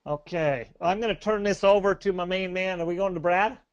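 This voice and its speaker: A man's voice: high voice, a little fast, smooth, no echo, lo-fi sound. A man presenting a sales webinar, upbeat and rambling, with many fillers and restarts.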